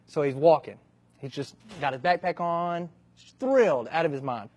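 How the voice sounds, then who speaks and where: A man telling a long comic story in a relaxed, conversational way. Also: a little high, normal speed. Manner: relaxed, conversational with animated shifts. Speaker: comedic storyteller. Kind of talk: stand-up style joke narration.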